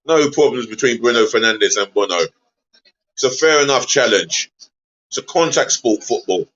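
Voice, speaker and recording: A man hosting a live football watch-along stream, chatty and easily exasperated, giving viewers shout-outs. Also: mid-range voice, lively intonation, moderate pace, dull audio.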